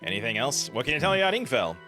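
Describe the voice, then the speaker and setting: A man's voice: medium pitch, sing-song, racing, bright, forceful tone, soft background music. A man hosting a casual let's play, commenting with wry, sarcastic asides.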